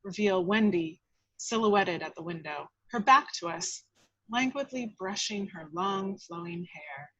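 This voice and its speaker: A woman reading a screenplay's action lines aloud in a measured, expressive way at a table read over a video call. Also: medium pitch, husky, no echo, dull audio.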